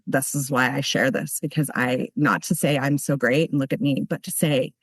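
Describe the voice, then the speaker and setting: A woman's voice: rumbling low, fairly even intonation, moderate pace, husky, no echo. A woman giving earnest, heartfelt personal testimony at a recovery meeting, telling her story with many restarts.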